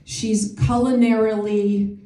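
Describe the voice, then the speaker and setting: A woman's voice: a little high, level tone, slow pace, dark tone, slight background noise. Chatty woman doing stand-up, echoey and distant. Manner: chatty, self-deprecating, laughs at own jokes. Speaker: stand-up comedian and emcee. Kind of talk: stand-up comedy set. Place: comedy show venue with live audience. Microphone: no microphone, picked up from afar. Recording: echoey room picked up from a distance.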